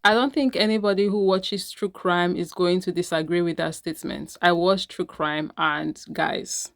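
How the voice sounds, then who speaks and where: A woman's voice: on the low side, steady tone, normal speed, gravelly. A woman giving earnest advice and commentary in a vlog, often checking in with "right?". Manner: earnest, advising, with frequent "right?" asides. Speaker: vlogger. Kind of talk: reaction commentary to camera.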